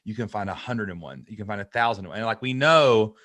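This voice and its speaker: A man hosting a podcast interview, chatting casually and excitably, rambling with lots of fillers. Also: lowish voice, fast, dry recording, studio quality. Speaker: podcast host.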